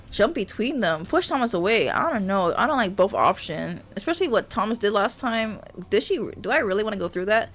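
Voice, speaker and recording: A woman streamer reading a visual novel aloud and reacting with animated exclamations. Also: mid-range voice, fairly quick, few pauses, faint music behind. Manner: animated, exclaiming and laughing at the story.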